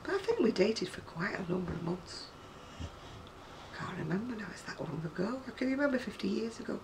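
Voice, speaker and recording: Gravelly older northern English woman. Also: medium pitch, very animated, a little fast, distant mic, background noise. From North West England. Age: 60s. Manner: chatty and rambling, with frequent laughs. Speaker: craft seller. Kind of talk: casual chat to camera.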